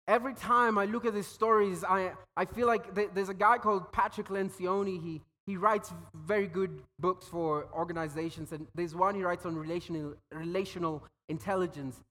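A man's voice: high-pitched, sharp tone. A man preaching a sermon, telling stories and acting out quoted voices, often repeating words as he goes. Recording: long hall reverb.

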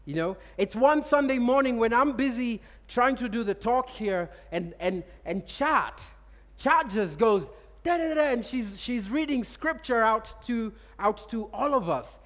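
A man with a strikingly high voice delivers a storytelling sermon, chuckling often and stumbling over repeated words. His voice rings out with a long reverb, as if filling a large church hall. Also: expressive, a little slow, fairly bright tone. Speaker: preacher. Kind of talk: sermon with personal stories.

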